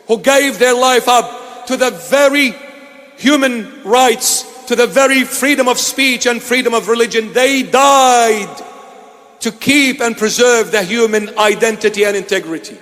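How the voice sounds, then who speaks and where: Preacher, man, high and light voice, emphatic and repetitive, long hall reverb. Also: fairly bright tone. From Iraq. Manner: emphatic, repeating phrases for weight. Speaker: bishop preaching. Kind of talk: sermon address. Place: church.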